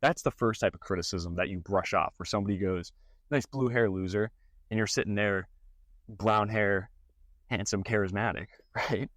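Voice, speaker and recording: A man's voice: on the low side, moderate pace, no room sound. A young man, casually telling stories and giving advice as a content creator, acting out mocking voices. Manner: animated storytelling with mocking put-on voices. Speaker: fitness and gaming content creator. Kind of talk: casual talking-head advice.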